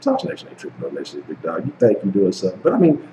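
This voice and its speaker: A man hosting a sports live stream launches into a heated, profane, repetitive rant taunting rival fans and trolls. His low, mellow voice races along with wildly swooping pitch. The room is echoey with faint noise.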